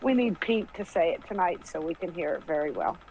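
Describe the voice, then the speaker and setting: A co-host chiming in with dry, brief replies during a loose stream conversation. The voice is mid-pitched and sounds dull and a little muffled, with a faint hiss. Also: expressive, a little fast, a little mellow. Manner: brief agreeing interjections, dry. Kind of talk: casual chat.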